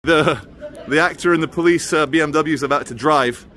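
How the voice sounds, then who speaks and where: A man's voice: on the high side, brisk. Man vlogging on a city street. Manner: wry muttered asides, then loud and defiant in argument. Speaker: vlogger filming in public. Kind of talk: handheld street vlog commentary. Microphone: handheld phone camera.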